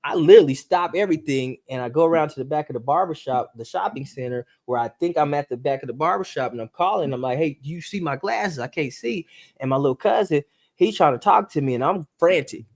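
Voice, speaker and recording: A man telling a true story as a podcast guest, acting it out with sound effects and speeding up and rising in pitch when the tension builds. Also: quick pace. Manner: animated storyteller, acts out voices and gunshots; speeds up and rises in pitch at tense moments.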